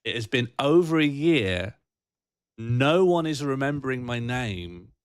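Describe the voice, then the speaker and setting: A man's voice: mid-range voice, sing-song, unhurried, clear, resonant tone, no echo, clean studio sound. A British man hosting a livestream, chatting casually and reading out viewer comments in a rambling, jokey, self-mocking way. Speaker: livestream host.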